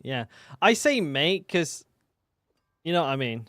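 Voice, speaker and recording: A man's voice: on the high side, sing-song, unhurried, fairly bright tone, no room sound, studio quality. A British man chatting casually with his stream chat while gaming, joking and swearing. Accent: British English. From Britain.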